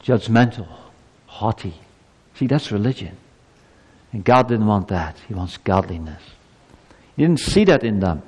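A man's voice: on the low side, animated, unhurried, long pauses, darkish tone, husky. A man preaching a sermon to a congregation, emphatic, with rhetorical questions and stammered repeats. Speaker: pastor. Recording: long hall reverb.

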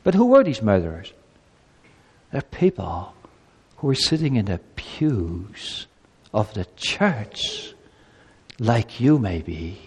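A man preaching an evangelistic sermon in a church, pleading and impassioned, swinging between loud emphasis and hushed solemnity. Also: medium pitch, big pitch swings, slow pace, long pauses, breathy edge, big-room sound.

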